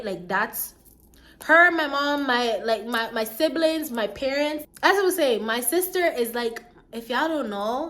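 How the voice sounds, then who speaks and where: A young woman vlogger telling a personal story, animated, acting out the voices of the people in it. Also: a little high. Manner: animated, acts out voices, lively swings. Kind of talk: storytime vlog.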